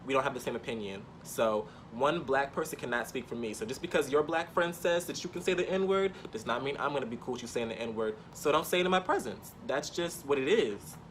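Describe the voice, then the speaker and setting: A man's voice: mid-range voice, a little fast, hardly any pauses, a bit bright, slight background noise. A man telling a personal story in an emphatic, impassioned way, repeating points for stress.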